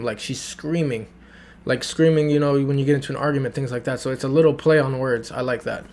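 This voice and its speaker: A man's voice: medium pitch, a little fast, darkish tone, a little hiss or hum. A man reacting to and breaking down a song in a casual, enthusiastic review, often repeating himself and singing along. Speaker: music reviewer.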